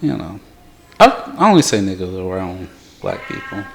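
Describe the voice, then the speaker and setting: A man's voice: low voice, normal speed, creaky, soft background music. A man hosting a podcast, talking casually with plenty of fillers. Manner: relaxed, filler-heavy. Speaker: podcast host. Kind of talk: casual chat.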